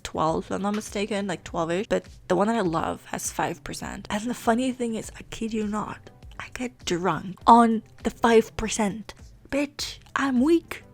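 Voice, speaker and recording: A woman's voice: fairly low pitch, creaky. A woman in her late twenties chatting casually and laughing at herself while she plays a game. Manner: chatty and self-mocking, laughs often, swears casually. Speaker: Sims gaming YouTuber. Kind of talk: casual chat over gameplay.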